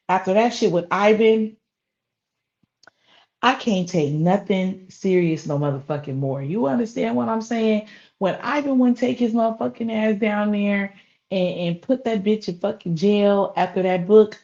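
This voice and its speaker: A woman doing casual live-stream gossip commentary, profane and animated, laughing often. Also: medium pitch. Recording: slightly dull lo-fi audio.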